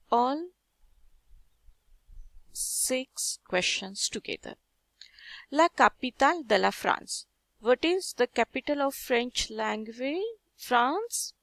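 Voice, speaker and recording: A woman's voice: fairly high pitch, gravelly, a bit bright, dry recording, clean studio sound. A woman with an Indian accent, teaching a French lesson patiently in English, asking viewers questions and reading French terms aloud. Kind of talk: slow step-by-step lesson.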